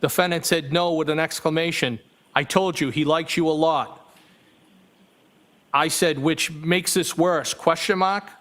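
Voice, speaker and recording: A male witness in a courtroom, reading text messages aloud in a flat, measured way with small self-corrections. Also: a little high.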